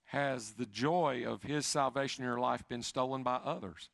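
Gravelly, bright-voiced male pastor preaching. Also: moderate pace, no room sound, clean studio sound. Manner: swings between loud emphatic peaks and quiet confessional low talk; repetitive, building lists of questions. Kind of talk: sermon.

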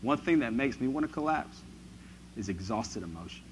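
A man preaching a sermon who moves from quiet, reflective passages to loud, emphatic ones. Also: medium pitch, animated, moderate pace, noisy background.

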